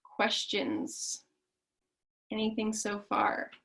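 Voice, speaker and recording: A woman's voice: medium pitch, little pitch movement, drawn-out words, vocal fry, fairly bright tone. A woman hosting a video call meeting, easygoing and hesitant with ums. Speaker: meeting host. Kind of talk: casual video call talk.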